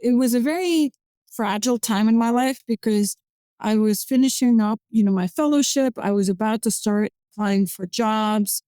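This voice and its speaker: A woman's voice: on the high side, moderate pace, dark tone, no echo. A woman in her forties from Azerbaijan, a physician-scientist guest on a podcast, talking in a hesitant way with many fillers and restarts. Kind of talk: conversational interview.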